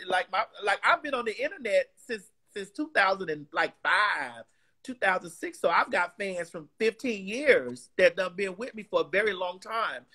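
A talk-show guest, a woman with a bright, clear voice who talks emphatically. She stumbles and restarts words and quotes scripture like a preacher. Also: mid-range voice, animated, moderate pace. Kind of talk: casual interview chat.

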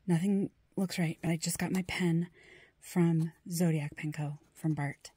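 A middle-aged woman in an excited unboxing vlog, gushing to her viewers and often dropping into breathy whispers. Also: deep voice, a little slow, no echo. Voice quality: breathy, husky. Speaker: fountain pen vlogger.

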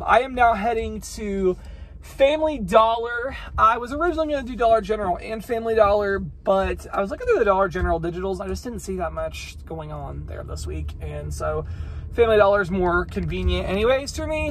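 Chatty high-voiced American man vlogging. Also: slight background noise. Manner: chatty, enthusiastic about deals. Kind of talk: casual chat. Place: car and store.

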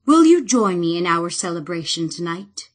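A woman voicing a confident, loving young male king in an audiobook, steady and assured. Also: fairly low pitch, normal speed.

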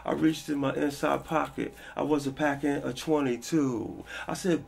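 A man in his forties telling stories from his past in a casual interview, animated and quick to act out the people in them. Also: mid-range voice. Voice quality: gravelly, husky. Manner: animated, acts out quoted people with a raised voice. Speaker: interview guest.

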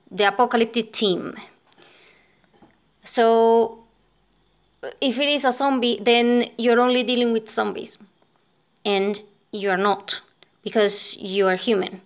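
A woman from Venezuela talking casually to her viewers, rambling and thinking aloud. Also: on the high side. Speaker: vlogger. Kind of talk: casual talk to camera.

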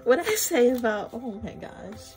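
Over background music, a woman with a fairly high, lively voice gives her viewers a casual tarot reading at a moderate pace. She is effusive and emotional, even flustered, swearing freely and addressing them as y'all.

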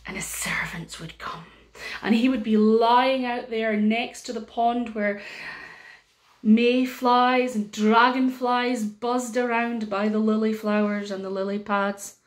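A Scottish woman telling a story to young children, animated and sing-song, with pauses and chatty asides. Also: fairly high pitch. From Scotland.

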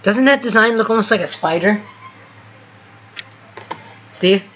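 A gameplay host giving casual, excitable running commentary from home while chatting with a teammate. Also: medium pitch, measured pace, muffled recording, a little hiss or hum. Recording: game music clearly heard underneath. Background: music from the game.

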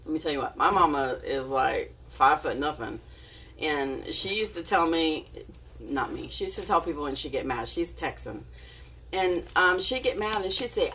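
A woman's voice: low-pitched, animated, normal speed, bright, forceful tone, distant mic, slight background noise. A woman telling a casual story to her camera, chatty and giggly, with plenty of fillers and restarts. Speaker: vlogger.

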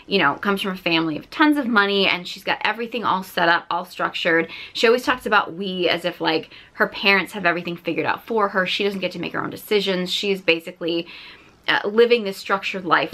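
A woman coach talks through a film in relaxed, earnest commentary, sprinkling "like" as she explains. Her tone is bright and forward, with frequent gravelly fry at the ends of phrases. Her pitch sits in a middle range for a woman. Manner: earnest, explanatory, often says "like". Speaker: relationship coach and film reactor. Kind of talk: casual film breakdown commentary.

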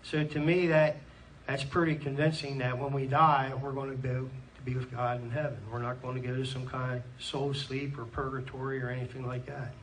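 A man's voice: medium pitch, level tone, brisk, few pauses. A man preaching a sermon in a church, earnestly reading scripture aloud and punctuating points with amens, with a Pennsylvania American accent. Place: church hall. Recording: distant mic in a church with faint room noise.

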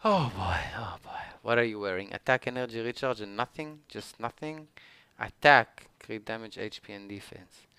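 A man streaming a game live, pleading with the game for better loot and swearing, with sudden shouted outbursts of frustration. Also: fairly low pitch, moderate pace, clean tone, dry recording. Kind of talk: live gaming commentary.

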